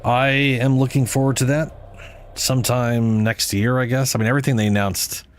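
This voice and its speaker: A man's voice: mid-range voice, fairly even intonation, moderate pace, a little hiss or hum. Sleepy rambling streamer man. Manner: rambling, swears casually. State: sleep-deprived, yawning. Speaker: game streamer. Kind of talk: casual gaming chat.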